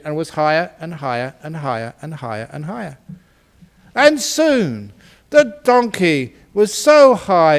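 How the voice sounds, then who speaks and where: A man, a Buddhist monk, telling a humorous teaching story in a playful way and laughing at his own jokes. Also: on the high side. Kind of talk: humorous storytelling dharma talk.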